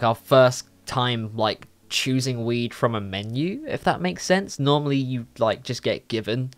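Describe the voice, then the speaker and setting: A young man, telling a story in a casual, animated way and swearing freely. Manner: animated, swears a lot, jumpy pitch. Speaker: vlogger.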